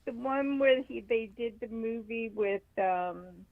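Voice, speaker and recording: Woman caller on a tinny phone line, slow and rambling, keeps hunting for words. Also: on the high side, gravelly, no room sound. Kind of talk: phone call-in chat.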